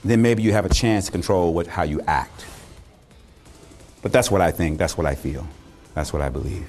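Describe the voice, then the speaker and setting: A male motivational speaker telling a personal story in a dramatic speech, deliberate with rhythmic repetition. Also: low-pitched, a little mellow, soft background music.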